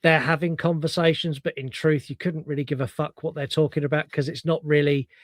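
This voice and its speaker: A man's voice: fairly high pitch, fairly even intonation, brisk, no room sound. A middle-aged British man, co-hosting a podcast, chatting casually and retelling film scenes with animation. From Britain. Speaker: podcast co-host. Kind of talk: casual chat.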